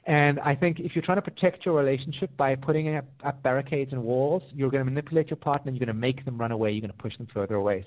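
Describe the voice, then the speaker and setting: A man working as a relationship coach, answering viewer questions in a live Q&A and telling stories with lively quoted voices. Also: mid-range voice. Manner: animated storytelling with sing-song quoted voices. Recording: tinny phone-like audio.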